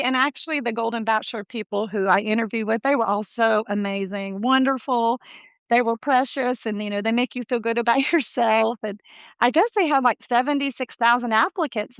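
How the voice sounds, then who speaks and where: A woman's voice: on the high side, a little fast, no echo, lo-fi sound. A woman in her sixties, a dentist guest telling her story in a chatty, laughing way. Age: 60s. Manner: warm, chatty, laughs often, acts out quoted voices. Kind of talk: casual interview chat.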